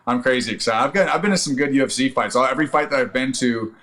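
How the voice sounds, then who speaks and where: A man in his thirties telling a long, animated, profane story as a guest on a casual podcast chat. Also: medium pitch, quick pace. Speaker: podcast guest, actor and Army veteran.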